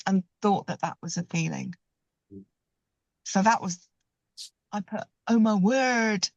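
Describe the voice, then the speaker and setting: A woman on a book club video call from a parked car, chatty and expressive. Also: mid-range voice, no echo, dull audio. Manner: chatty and expressive, animated when telling anecdotes. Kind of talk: casual group video call discussion.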